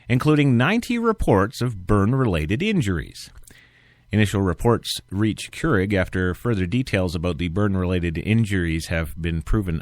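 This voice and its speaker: A man's voice: lowish voice, dry recording. A man hosting an internet talk radio show, reading news stories and riffing on them in a sarcastic, rambling way.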